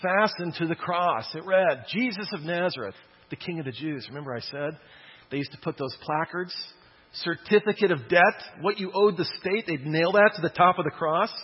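A pastor delivers a sermon in a church, his voice slightly high and husky. He keeps it conversational yet emphatic and often checks in with a quick "okay?". The recording sounds dull and lo-fi.

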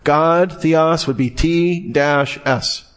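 A man's voice: fairly high pitch, drawn-out words, clear, resonant tone. A middle-aged man giving a classroom lecture in a conversational way, with wry asides. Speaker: teacher.

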